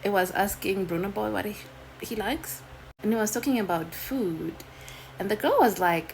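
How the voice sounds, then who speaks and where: A woman giving casual, animated reaction commentary with exasperated asides. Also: mid-range voice, moderate pace, slight background noise, rough recording. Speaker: reaction video creator.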